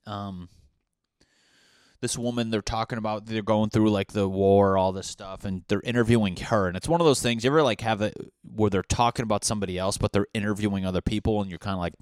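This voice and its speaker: A young man with a deep, low voice rambles through a crude comic bit, swearing often and slipping into goofy voices for the people in his story. The sound is dry and close, with no room around it. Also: steady tone, smooth, dry recording. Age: young adult. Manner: acts out characters in quick silly voices, swears a lot. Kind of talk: casual comedic riffing.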